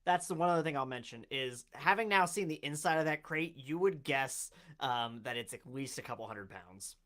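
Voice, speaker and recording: A man's voice: mid-range voice, lively intonation, moderate pace, fairly bright tone. A man running a tabletop game as game master, chatty and laughing often.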